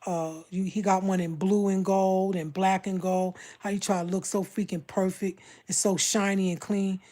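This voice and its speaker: A woman's voice: mid-range voice, flat delivery, moderate pace, mellow. A woman from Brooklyn with a Brooklyn accent, talking bluntly and confrontationally on a casual livestream. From Brooklyn, New York.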